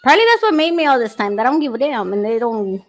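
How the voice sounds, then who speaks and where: A woman's voice: fairly high pitch, very animated, fast, soft background music, rough recording. Brash, laughing woman livestream host. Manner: brash, profane, laughs often. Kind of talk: casual chat. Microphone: streaming setup.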